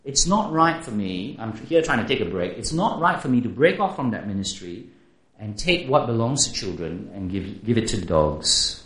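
A man voicing a kindly male teacher who gently reassures a pleading mother. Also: on the low side, animated, moderate pace. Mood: explaining. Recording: roomy echo.

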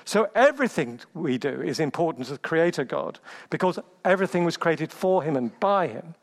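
A man preaching with conviction, his voice sitting a little high for a man. He stacks up lists and fires off rhetorical questions to press each point home. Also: sing-song, normal speed. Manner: emphatic, rhetorical questions, builds through lists. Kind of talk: sermon.

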